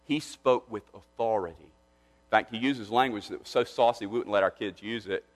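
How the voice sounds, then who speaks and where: A man's voice: lowish voice, normal speed. A man preaching a sermon as pastor, earnest and emphatic, often restarting his phrases as he builds to a point. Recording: long hall reverb.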